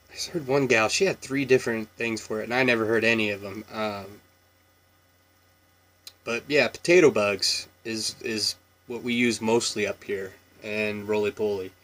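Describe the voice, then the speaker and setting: A man's voice: fairly low pitch, moderate pace. A man in his thirties from Washington State with a Washington State accent, talking casually through an accent tag with lots of ums and small laughs. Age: 30s. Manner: relaxed and rambling, many ums and chuckles.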